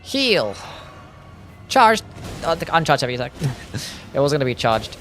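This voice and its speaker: A man's voice: medium pitch, fast, a bit bright, faint music behind. Chatty young Australian man streaming. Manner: chatty, reads chat aloud and answers it. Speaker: game streamer. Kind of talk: casual live-stream chat.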